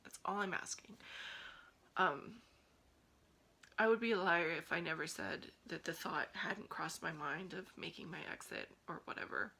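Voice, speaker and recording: Earnest woman with a bright, forceful voice. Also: on the low side, normal speed, gravelly, husky, poor audio. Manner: earnest, pleading, encouraging. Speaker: vlogger. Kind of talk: heartfelt talk to camera.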